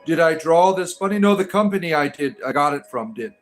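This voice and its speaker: A man's voice: on the high side, animated, a little fast, soft background music. Rambling man chatting to his stream. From Detroit, Michigan. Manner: rambling, hesitant, many fillers and restarts; reads viewer comments aloud and answers them. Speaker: livestream host reading chat. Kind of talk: casual livestream chat.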